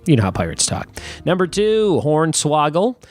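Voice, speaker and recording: A man hosting a trivia podcast in a casual, joking way, reading out quiz terms slowly and clearly and then riffing on them. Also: fairly high pitch, big pitch swings. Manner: playful, jokey, drawn-out quiz terms.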